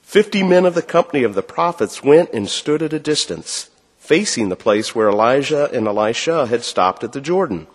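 A man reading a scripture passage aloud during a church service, clear and measured. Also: medium pitch, big pitch swings, big-room sound. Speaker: scripture reader.

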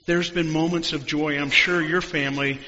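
A man's voice: fairly high pitch, steady tone, normal speed, bright, forceful tone. A man preaching a sermon, telling stories reflectively and sometimes dropping almost to a whisper. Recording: dull sound in a long-reverb hall.

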